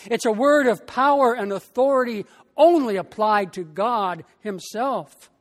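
Slow emphatic pastor in a reverberant hall. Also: medium pitch. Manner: slow, emphatic preaching with long pauses. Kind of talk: sermon.

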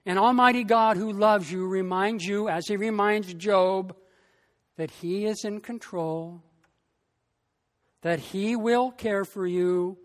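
A pastor preaching a sermon in a slow, emphatic way, with long pauses between phrases. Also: mid-range voice, in a large hall.

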